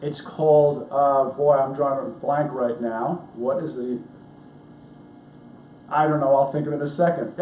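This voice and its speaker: A man's voice: a little high, darkish tone, far from the mic, a little hiss or hum. A middle-aged man from New York, a doctor hosting a health show, talking in a chatty, rambling, upbeat way at home in his kitchen. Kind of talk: casual cooking and health talk. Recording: echoey room, voice off-mic.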